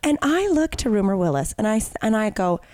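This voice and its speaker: A woman's voice: medium pitch, brisk. A woman co-hosting a podcast, telling stories in casual chat and acting out the voices of the people in them. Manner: animated storyteller, acts out voices. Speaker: podcast co-host.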